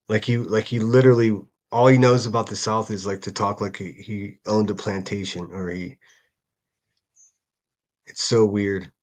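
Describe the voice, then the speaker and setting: Blunt, mocking man with a lowish voice. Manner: blunt, mocking, swears freely. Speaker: livestream commentator. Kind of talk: casual reaction commentary.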